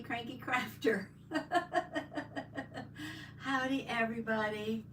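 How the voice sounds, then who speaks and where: An older woman hosting a casual crafting livestream, chatting warmly and greeting viewers by name as she reads the chat. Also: mid-range voice, measured pace. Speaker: livestream host. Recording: roomy, distant mic, faint background noise.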